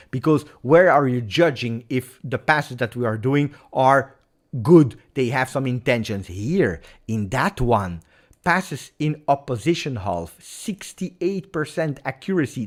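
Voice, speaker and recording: A man hosting a live football reaction stream, agitated and emphatic, repeating his points. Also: mid-range voice. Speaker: football channel host.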